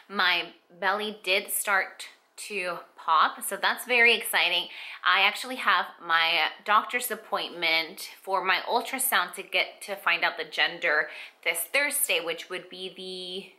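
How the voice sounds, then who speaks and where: Young female vlogger, very bright voice, chatty and rambling, emotional and teary throughout. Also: mid-range voice, a little slow. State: tearful. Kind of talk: casual pregnancy update vlog.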